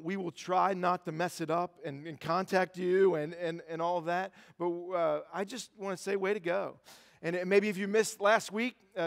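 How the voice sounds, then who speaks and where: A man's voice: sits high, creaky, big-room sound. A man preaching a sermon as pastor, conversational and self-deprecating, with lots of fillers and restarts. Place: church sanctuary.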